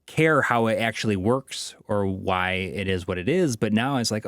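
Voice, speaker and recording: A slightly tipsy man with a low voice muses aloud as a podcast co-host. He talks in loose, wandering thoughts. The sound is dry, with no room echo. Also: expressive, moderate pace, fairly bright tone. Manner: musing, loose and rambling. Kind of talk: casual chat.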